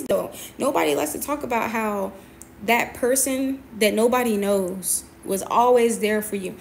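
A woman's voice: fairly high pitch, a little slow, gravelly, a little hiss or hum. A young adult woman, a boxer, venting to camera in a confrontational, emphatic way, often repeating her points. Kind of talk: personal venting monologue.

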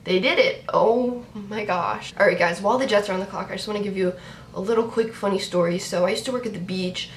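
A woman's voice: mid-range voice, rapid-fire. Young woman vlogging about sports, chatty and keyed up, voice bouncing around the room a bit. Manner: excitable, talks to viewers, repeats herself. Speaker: sports vlogger reacting to a draft. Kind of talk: live reaction vlog. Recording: roomy echo, faint background noise.

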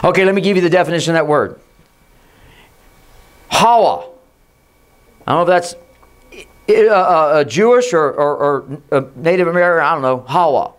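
A pastor giving an emphatic sermon in a church, sometimes hushed and sometimes shouting, and calling on the congregation to repeat his words. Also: a little high, normal speed, long pauses, clear, resonant tone. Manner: leads the congregation in call and response. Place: church sanctuary.

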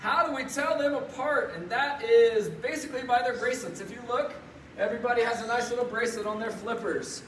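Zookeeper type, man, fairly high voice, chatty and upbeat, mask-muffled, roomy and distant mic. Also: fairly quick, fairly bright tone. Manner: upbeat and chatty, talking through a face mask. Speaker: zookeeper presenter. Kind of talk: casual educational live stream. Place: indoor zoo birdhouse with penguins. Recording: echoey room, distant mic, faint noise.

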